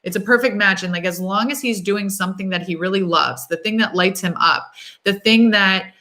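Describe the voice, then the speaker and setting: A young woman hosts a live tarot stream, talking through each card in a loose, thinking-aloud way. Her voice is bright and forward, upbeat and encouraging, full of little "um"s and "like"s. Her pitch sits in a middle range. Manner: chatty, thinks aloud, fills pauses with "um" and "like". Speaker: tarot reader hosting a livestream. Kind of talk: casual live-stream chat.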